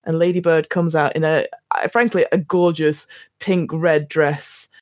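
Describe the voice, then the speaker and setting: A woman with a low voice speaks at a measured pace while co-hosting a casual film podcast, recounting scenes, acting out characters' lines, and restarting frequently. The recording is dry and studio quality.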